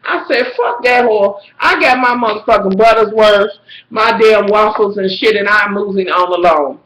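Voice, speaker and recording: A woman telling a profane, dramatic story to her viewers, swinging between shrill squeals and low mutters. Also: normal speed, a bit bright, echoey room, poor audio. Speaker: vlogger. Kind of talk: profane storytelling rant to camera.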